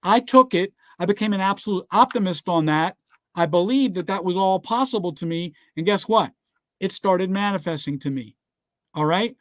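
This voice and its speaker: High-voiced emphatic man preaching success. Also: moderate pace, no echo, clean studio sound. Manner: emphatic, tells listeners to write things down; repeats "guess what" and "all right". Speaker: motivational speaker. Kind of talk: motivational speech with scripture.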